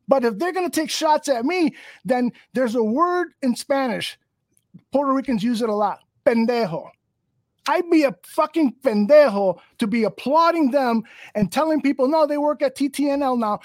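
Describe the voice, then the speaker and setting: A man on a podcast venting in an angry, profane, rambling rant full of restarts. His pitch swings widely as he gets worked up. The sound is dry and close. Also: no room sound. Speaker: podcast host.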